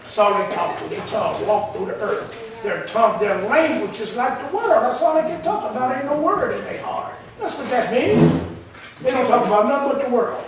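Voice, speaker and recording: A man's voice: extremely high pitch, lively intonation, moderate pace, noisy background. A man preaching a sermon with call-and-response, emphatic and colloquial, heard in a church hall. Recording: roomy echo, from far off the mic.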